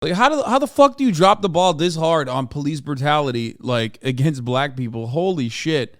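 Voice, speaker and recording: A man's voice: on the high side, lively intonation, normal speed, fairly bright tone, no room sound, studio quality. A man streaming a reaction, ranting angrily and emphatically with heavy profanity. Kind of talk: heated livestream reaction commentary.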